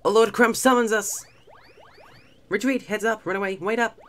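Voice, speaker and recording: A man doing a squeaky panicky henchman. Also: fairly even intonation, moderate pace, fairly bright tone. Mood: panicked.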